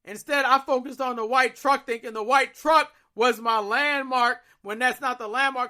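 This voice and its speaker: A young adult podcast host telling a story in a profane, self-mocking, animated way. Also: high-pitched, normal speed, few pauses.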